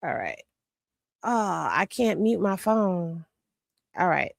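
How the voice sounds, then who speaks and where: A woman's voice: fairly low pitch, expressive, slow pace, vocal fry, dry recording, studio quality. A woman hosting casual reaction commentary, blunt and sassy, talking straight to her viewers. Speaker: commentary host. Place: home room with rain on a tin roof.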